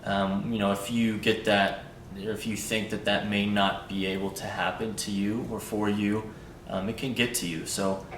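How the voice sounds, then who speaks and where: A young man, the vlogger's husband, speaking in a halting, hesitant way with many fillers. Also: level tone, a bit bright. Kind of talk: casual personal talk. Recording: roomy echo, distant mic, faint rumble.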